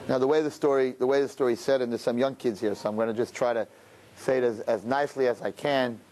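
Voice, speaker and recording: A man preaching a sermon, telling a story with passion and building up to shouting. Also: mid-range voice, fairly even intonation, quick pace, slight background noise.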